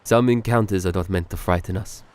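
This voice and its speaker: A man puts on a calm, wise male companion in a spoken story, gentle and unhurried, in a lower, softer timbre than his own reading voice. The sound is dry and close, with no room around it. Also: no room sound, natural voice. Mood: gentle reassurance.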